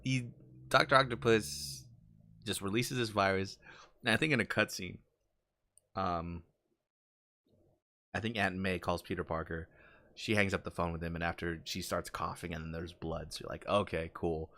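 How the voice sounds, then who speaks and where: A man co-hosting a casual podcast chat, telling stories with lively acted-out quotes. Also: moderate pace, long pauses. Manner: animated storytelling, acts out quotes with big jumps in pitch. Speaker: podcast co-host.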